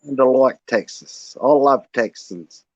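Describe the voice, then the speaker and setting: Unhurried and medium-pitched, this Australian stream host leans into slang and a conspiratorial tone during a laid-back livestream chat. There's no echo, though the recording sounds dull and lo-fi.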